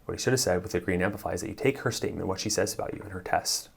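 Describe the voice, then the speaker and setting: Gravelly low-voiced man coaching. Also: very fast. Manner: coaching, emphatic, acts out sample dialogue. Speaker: relationship coach. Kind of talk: direct-to-camera advice talk.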